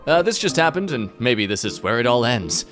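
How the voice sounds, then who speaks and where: A man reads online posts aloud and adds dry, sarcastic remarks between them. His pitch rises and falls a lot as he jokes. Faint music plays behind him. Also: big pitch swings, moderate pace, a bit bright. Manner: sarcastic, wry commentary. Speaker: narrator reading posts aloud. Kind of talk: comedic reading of social media posts.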